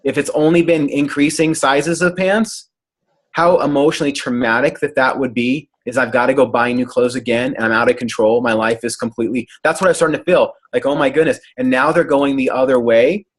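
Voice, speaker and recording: A man's voice: medium pitch, brisk. A man leading a group coaching call, talking in an earnest, encouraging way over a video call. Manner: earnest, animated when imitating excitement. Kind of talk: motivational coaching talk.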